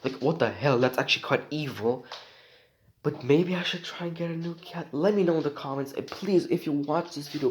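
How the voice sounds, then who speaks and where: A man's voice: a little high, animated, brisk, darkish tone, rough recording. A man, talking outdoors in a rambling personal vlog, meandering and repeating himself with plenty of fillers. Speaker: vlogger.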